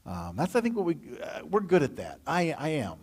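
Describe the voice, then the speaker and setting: A Midwestern American man reads scripture aloud at a church Bible study, then breaks in with lively, chatty asides. He speaks briskly in a fairly high, husky voice.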